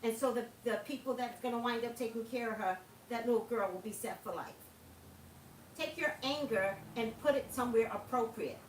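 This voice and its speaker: A woman hosts a livestream, talking casually yet passionately, and at times preachily, to her viewers while laughing often. Her voice is on the high side and a little fast. The audio is poor: roomy, distant from the mic, with slight background noise.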